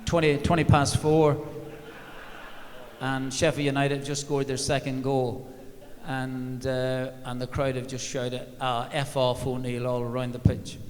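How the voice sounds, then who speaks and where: A man's voice: mid-range voice, monotone, unhurried, a little hiss or hum. An older man, a former football manager, telling wry, dryly funny stories on stage. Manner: anecdotal, wry, dry humour. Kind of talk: live on-stage storytelling. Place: large arena stage. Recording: long reverb of a big hall.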